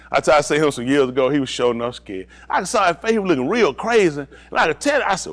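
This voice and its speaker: A man's voice: a little high, expressive, quick pace, few pauses, fairly bright tone. A middle-aged male pastor telling a personal story in a sermon, acting out the voices of the people in it and laughing often.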